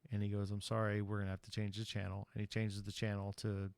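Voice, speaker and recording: A man with a lowish voice talks through a film's plot in a loose, casual podcast recap. He rambles and hedges with frequent ums. The sound is dry and close, with no room echo. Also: completely flat delivery, fast talker, gravelly, a little mellow, clean tone. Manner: rambling, chatty retelling with frequent ums and you-knows. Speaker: podcast host.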